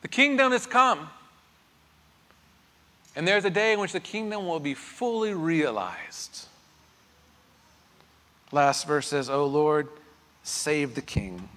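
A man preaching a sermon as pastor. He moves from quiet, reflective talk to loud, emphatic declarations. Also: fairly high pitch, slow, long pauses. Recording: long hall reverb.

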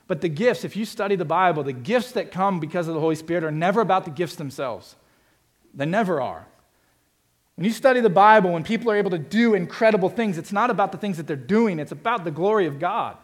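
Earnest preaching man, slightly high voice. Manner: earnest preaching, rising to emphatic and dropping to quiet. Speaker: pastor. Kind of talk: sermon.

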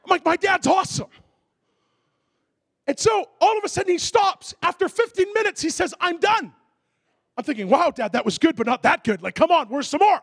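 A man preaching a sermon, telling a comic story with animated delivery and shouted sound effects. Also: very high-pitched, moderate pace, creaky, no room sound, studio quality.

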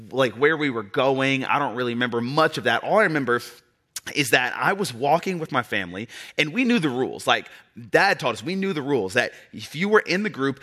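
A male pastor preaching in a loose, conversational way, telling a personal story with lots of fillers. His voice is bright and forceful, pitched at an ordinary male level. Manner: conversational and animated, with many fillers.

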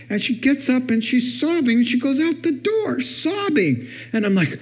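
A middle-aged man giving a humorous talk on marriage, lively and acting out little scenes in different voices. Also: normal speed, hardly any pauses. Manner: animated, acts out voices with big pitch jumps. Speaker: speaker on marriage. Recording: dull lo-fi recording.

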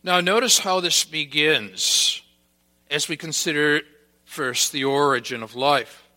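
A man preaching a sermon as pastor to his congregation, deliberate and emphatic, leaning hard on repeated key words. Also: on the high side, sharp tone, in a large hall.

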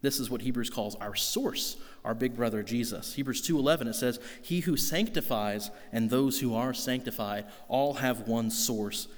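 A man's voice: medium pitch, moderate pace, few pauses, big-room sound. A man preaching a sermon in an earnest, conversational way, asking the congregation rhetorical questions. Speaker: pastor.

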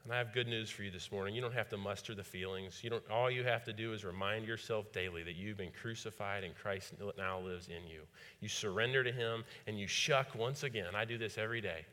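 A man's voice: lowish voice, fairly quick, hardly any pauses, sharp tone. A man preaching a sermon as pastor, repeating phrases and putting rhetorical questions to the congregation. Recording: long hall reverb.

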